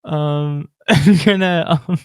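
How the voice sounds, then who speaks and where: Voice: mid-range voice, slow, a little mellow, clean tone, no room sound. A giggly tabletop player talks through their moves, often tripping over words and breaking into laughter. The voice sits mid-range and sounds dry and close, with no room around it. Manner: giggly, stumbling, restarts often. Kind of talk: casual tabletop game play.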